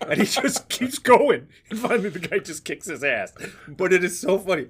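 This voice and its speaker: A man's voice: on the high side, lively intonation, normal speed, a bit bright, breathy edge. A man co-hosting a podcast, casually retelling a comedy sketch and acting out the dialogue. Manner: storytelling, acts out dialogue, laughs along. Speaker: podcast co-host.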